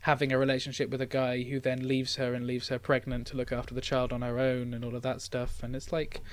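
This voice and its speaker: A young podcast co-host chats casually about films, restarting his sentences often. His medium-pitched voice moves at a quick pace with a completely flat delivery.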